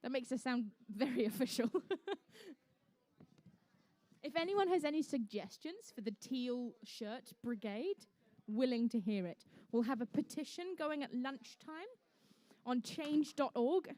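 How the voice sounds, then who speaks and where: A woman's voice: sits high, expressive, measured pace, mellow. A young woman emceeing a live competition, chatty and jokey with the teams as she calls the action. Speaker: event emcee and commentator. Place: indoor conference venue.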